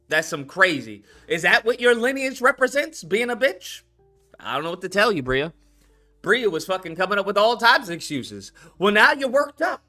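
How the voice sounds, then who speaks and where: A man's voice: high voice, bright, forceful tone. A man hosting a live stream, ranting in a heated, mocking and profane way, taunting a viewer to call in.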